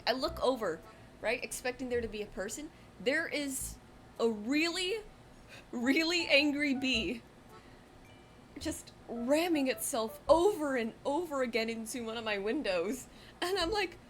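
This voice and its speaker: Young woman streamer, lowish voice, rambling live-stream chat with faint room hiss behind. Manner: rambling, chatty, lots of fillers and self-corrections. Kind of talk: casual storytelling chat.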